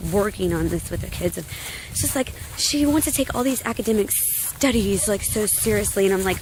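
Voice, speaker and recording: A woman's voice: mid-range voice, slight background noise, poor audio. A young woman vlogging as she walks her dog outdoors, ranting with lots of fillers and asides. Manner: ranty, filler-heavy, talks to her dog. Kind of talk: casual ranting vlog. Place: outdoors on a hike.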